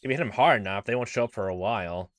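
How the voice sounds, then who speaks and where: A man's voice: on the low side, quick pace, fairly bright tone, dry recording. A man reading a visual novel aloud with restarts and joking asides, in a middling voice. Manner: reads with restarts, laughs into asides. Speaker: let's play narrator.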